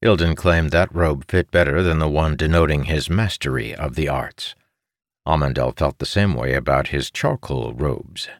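A man narrating a fantasy audiobook in an expressive storytelling manner. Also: very deep voice, moderate pace, dry recording, studio quality.

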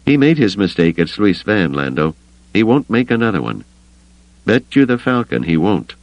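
A man's voice: on the low side, very animated, moderate pace, no echo, highs cut off, voice pushed up. A man voicing a stubborn, worried smuggler pilot in an audiobook, blunt and brooding.

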